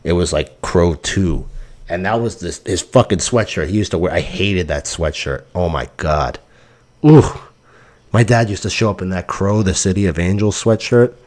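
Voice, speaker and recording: A man's voice: sits low, moderate pace. A man hosting a crypto stream, telling stories in a casual, rambling and profane way, ranting and sounding exasperated. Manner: profane, animated storytelling.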